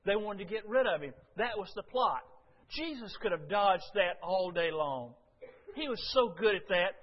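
High-voiced preacher in a reverberant hall. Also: male voice. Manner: impassioned, rising loud when quoting Jesus. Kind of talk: sermon. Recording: dull lo-fi sound with long hall reverb.

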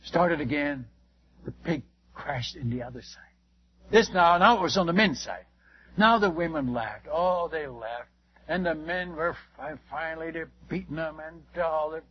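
A man who works as a missionary preacher tells a lively anecdote to a listener, exclaiming often and restarting his sentences. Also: on the high side, breathy edge. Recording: dull lo-fi recording.

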